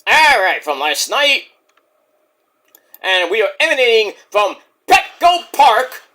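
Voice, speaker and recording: Lively, high-voiced man ranting about wrestling. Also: slow pace. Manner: animated, profane, jokey, breaks into impressions. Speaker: wrestling reviewer, channel host. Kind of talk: casual profane wrestling review monologue.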